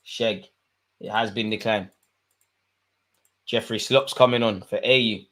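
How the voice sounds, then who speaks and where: A young man, commentating live on a football match for his viewers and shouting at the screen. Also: on the low side, measured pace. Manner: excitable, swings from muttering to shouting at the screen. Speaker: football watchalong host. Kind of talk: live watchalong commentary, casual.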